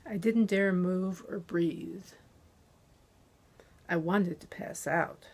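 A woman narrating a thriller audiobook in the first person, with a tense, unhurried delivery. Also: on the low side, a little mellow.

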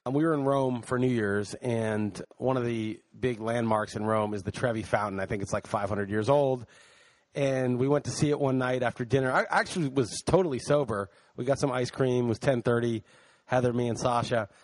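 A man's voice: mid-range voice, brisk, dry recording. Man telling a story on a podcast. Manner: animated storyteller, swears casually. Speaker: podcast co-host. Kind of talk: casual chat.

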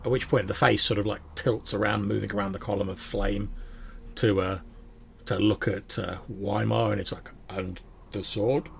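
A man's voice: fairly low pitch, steady tone, moderate pace, creaky, a little hiss or hum. A man narrating as game master of a tabletop game, descriptive and loose, with frequent fillers.

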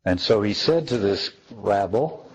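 Husky man musing on scripture. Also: lowish voice, lively intonation, measured pace, a little mellow, rough recording. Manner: thoughtful, wry, with many restarts. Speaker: speaker on theology. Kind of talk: reflective spoken teaching.

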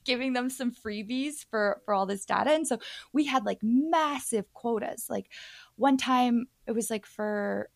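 A woman from Ontario, a podcast guest telling stories casually, with frequent "like" and lively acted-out quotes. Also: fairly high pitch, unhurried, gravelly, dry recording. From Ontario, Canada. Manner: chatty, heavy use of "like", acts out quoted voices. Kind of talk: casual storytelling.

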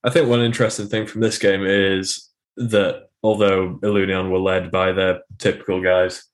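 Male podcast co-host, low monotone, thoughtful and hesitant. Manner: measured, analytical, hesitant fillers. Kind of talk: casual sports chat.

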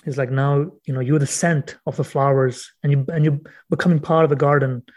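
Man, fairly high voice, podcast guest, earnest, stop-start phrasing, slow verse reading. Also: fairly even intonation, darkish tone. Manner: earnest, repeats words while thinking, reads verse slowly. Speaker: guest author. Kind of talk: podcast interview, explaining poetry.

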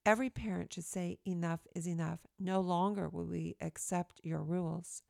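A woman reading her own opinion essay aloud in an earnest, emphatic, steady way, recorded close to the mic. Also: fairly low pitch, creaky, no echo.

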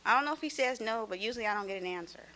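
Bright-voiced woman speaking hesitantly. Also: fairly high pitch, animated. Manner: hesitant, halting, searching for words. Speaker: guest, mother of children. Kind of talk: personal conversation.

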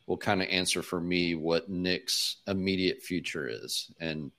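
A man hosting a football podcast, thinking aloud in a measured, hedging way. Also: deep voice, fairly even intonation, sharp tone. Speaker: podcast host. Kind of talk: casual podcast chat.

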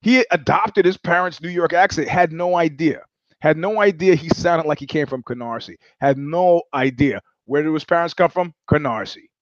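A man's voice: on the high side, normal speed, no echo. A man hosting his own show, telling stories in a casual, profane monologue with many restarts and repetitions. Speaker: show host. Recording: dull lo-fi sound, dry.

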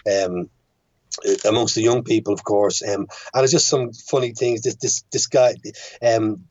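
A man's voice: lowish voice, steady tone, unhurried, darkish tone, lo-fi sound. A man with an Irish accent, a guest filmmaker chatting on a podcast, hesitant and full of restarts and fillers. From Ireland. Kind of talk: casual podcast chat.

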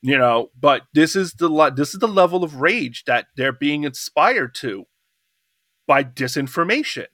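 A man's voice: on the high side, expressive, a little slow, sharp tone, no echo, clean studio sound. A middle-aged man co-hosting a podcast, talking in a casual roundtable discussion, impassioned and rambling with restarts. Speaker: podcast co-host.

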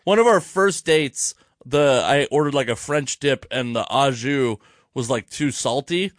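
A man hosting a casual podcast chat, telling a story in an animated, profane way. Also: mid-range voice, unhurried, no echo, studio quality. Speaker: podcast host.

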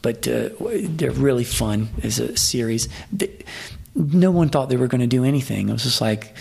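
A man's voice: mid-range voice, moderate pace, gravelly, husky. A man, a Hollywood fight trainer, telling profane, rambling stories in a casual interview, full of restarts. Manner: profane, rambling, animated anecdotes with many restarts. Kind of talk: casual storytelling in a podcast interview.

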